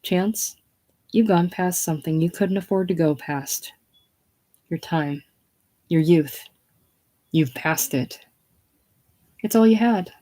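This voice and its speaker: A woman's voice: fairly low pitch, slow pace, long pauses, dark tone. A woman reading the part of a faded, aging female film star, breathless and theatrical. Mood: bitter. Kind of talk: casual play reading.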